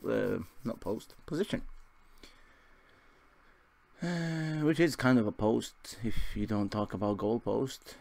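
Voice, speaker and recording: A young man talks through a football management game in a low, gravelly voice. He rambles between match moments and pokes fun at himself in a loose, chatty way. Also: a little mellow. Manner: rambling, self-deprecating, chuckling asides. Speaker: gaming video host. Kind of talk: casual Football Manager let's play commentary.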